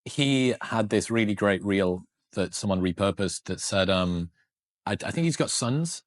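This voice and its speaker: A man's voice: fairly low pitch, expressive, a little slow, no room sound, studio quality. A man in a casual podcast conversation, candid and reflective, swearing now and then.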